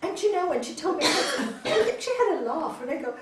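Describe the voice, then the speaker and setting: A woman gives a spiritual talk on raja yoga to an audience in a hall, an animated storyteller who acts out quoted voices and keeps checking in with a questioning "hmm?". Her voice is extremely high and fairly quick with few pauses. The hall is echoey, and she sounds distant.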